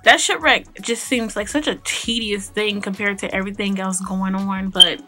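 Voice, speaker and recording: A woman's voice: mid-range voice, fairly even intonation, moderate pace, bright, forceful tone. A woman giving a casual, opinionated recap of a TV episode as a voice-over for her gaming video, chatty, full of fillers and restarts.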